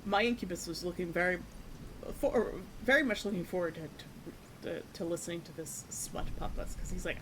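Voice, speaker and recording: A woman chats casually on a stream while she paints, telling a story with a lot of energy and laughter. She slips into little voices for the people in the story. Lo-fi music plays clearly underneath her voice. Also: lowish voice, fairly quick. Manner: animated, laughing, acts out quoted voices.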